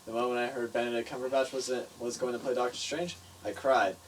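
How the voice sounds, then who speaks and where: A young man co-hosting a podcast, telling stories in a jokey, animated way. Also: mid-range voice, brisk, rough recording. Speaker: podcast co-host. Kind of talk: casual podcast chat.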